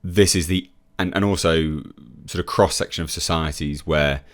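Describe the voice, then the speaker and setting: A man's voice: extremely low pitch, steady tone, normal speed. A man from England, reading out an article and mocking it in opinionated commentary, laughing and restarting often. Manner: scoffing, laughs at what he reads, many restarts. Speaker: YouTube reviewer.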